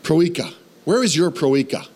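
A man preaching in a church with a fairly high voice. He talks in a lively, conversational way, often turning to the congregation with questions. His delivery moves between quick bursts and slower, emphatic phrases. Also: breathy edge. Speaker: pastor. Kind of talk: sermon.

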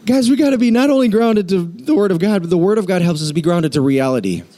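A man's voice: high-pitched, lively intonation, fast talker, mellow. A male pastor preaching an earnest, conversational sermon with emphatic build-ups.

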